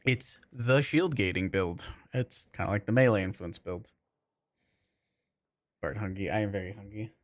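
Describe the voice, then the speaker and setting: Low-voiced man rambling on a stream. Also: normal speed, hardly any pauses, no echo. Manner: loose, rambling, lots of fillers. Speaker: game streamer. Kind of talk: casual live-stream chat with viewers.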